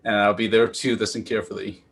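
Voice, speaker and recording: A man's voice: fairly low pitch, little pitch movement, fast talker, gravelly, a bit bright, breathy edge. A man hosting an interview in an easygoing way, laughing along with his guest and asking questions. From United States. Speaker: interview host. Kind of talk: casual interview chat.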